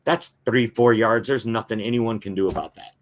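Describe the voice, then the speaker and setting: A man's voice: lowish voice, moderate pace. A man hosting a football talk show, giving fan opinions and reading viewer comments in a casual, chatty way with frequent filler words.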